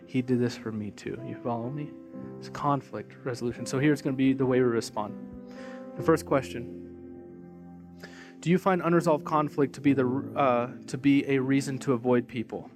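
A man preaching a sermon in a conversational, animated way, telling a story and asking the congregation questions. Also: medium pitch, normal speed. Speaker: pastor. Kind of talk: sermon with storytelling and altar call. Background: music playing.

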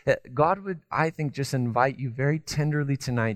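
A man preaching a sermon. He tells stories in a lively, conversational way, with self-deprecating asides, and moves from loud emphasis to hushed tenderness. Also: mid-range voice, brisk, hardly any pauses, no room sound. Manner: animated storytelling, swinging between loud emphasis and hushed tenderness. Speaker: pastor.

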